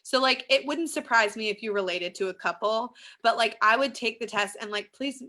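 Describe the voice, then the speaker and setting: Encouraging woman guest, bright tone, a bit high, casual video chat. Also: moderate pace. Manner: earnest and encouraging, frequent "like". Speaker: guest expert on personality types.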